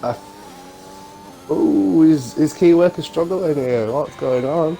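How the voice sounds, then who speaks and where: A man's voice: a little high, takes it slowly, creaky, mellow, a little hiss or hum, low-quality recording. A man co-commentating a sim racing league, reacting to the action with short exclamations.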